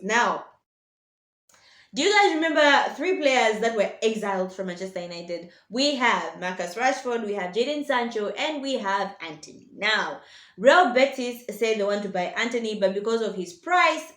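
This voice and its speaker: A woman's voice: a little high, echoey room. A woman giving casual, opinionated football commentary to her viewers as a vlogger, passionate and blunt. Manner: passionate, blunt, addresses viewers as ladies and gentlemen.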